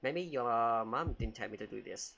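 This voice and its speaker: A man's voice: medium pitch, lively intonation, moderate pace, vocal fry, fairly bright tone, muffled recording, slight background noise. A man giving jokey, casual commentary while playing a game and talking back to it with frequent exclamations. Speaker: gamer.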